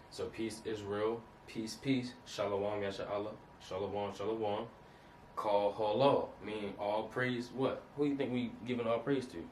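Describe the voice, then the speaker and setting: A man giving an informal lesson over slides, casual and repetitive, often checking that the listener understands. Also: on the low side. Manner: repetitive, keeps asking "you understand that?"; casual, street-style phrasing. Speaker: Hebrew teacher. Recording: roomy, distant mic, faint noise.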